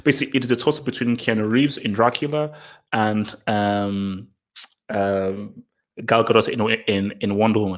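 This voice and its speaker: A man's voice: on the low side, fairly even intonation, moderate pace. A man hosting a casual question-and-answer talk to camera, blunt and emphatic, repeating himself with many fillers. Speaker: host answering viewer questions.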